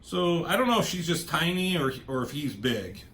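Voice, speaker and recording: A man casually recapping a comic book issue as a reviewer, rambling and tossing in quick offhand character voices. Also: on the high side, very animated, a bit bright, a little hiss or hum.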